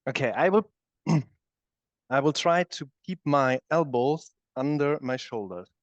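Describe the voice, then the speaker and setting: A man's voice: on the high side, animated, takes it slowly, dry recording. Man leading a yoga class. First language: German. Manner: demonstrating while explaining, often checking in with "okay?". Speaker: yoga teacher. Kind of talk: live instruction in a yoga class. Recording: dull, dry studio recording.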